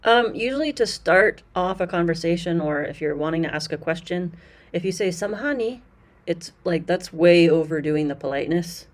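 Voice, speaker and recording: A woman with a notably low voice talks through a language course, pausing often with ums and starting her sentences over. Her delivery is loose and conversational, like an informal review. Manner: chatty, explanatory, with frequent fillers and restarts. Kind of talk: casual review commentary.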